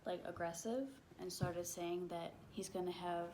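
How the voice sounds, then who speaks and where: Slow, low-voiced young woman vlogger. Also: fairly even intonation, warm tone, slight background noise. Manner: halting, heavy "like" fillers, swears when upset. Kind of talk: emotional storytime.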